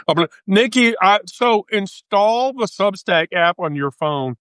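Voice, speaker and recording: Animated, profane woman hosting a live stream. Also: mid-range voice, slow pace, dry recording. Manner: animated, profane, laughs often. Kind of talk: casual storytelling chat.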